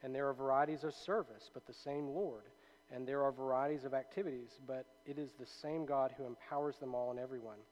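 A man's voice: mid-range voice, fairly even intonation, fairly quick, a little mellow, highs cut off. A man teaching a Bible study in a loose, conversational way, reading passages aloud and checking in with his listeners. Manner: conversational, with many fillers and tag questions.

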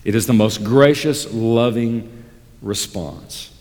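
A man preaching a sermon as a pastor, speaking deliberately and emphatically and repeating key phrases for weight. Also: fairly low pitch, a little mellow, long reverb tail.

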